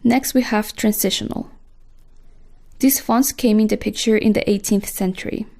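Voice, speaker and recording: Course instructor, woman, scripted lesson narration, mellow and a bit gravelly. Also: medium pitch, fairly even intonation, moderate pace.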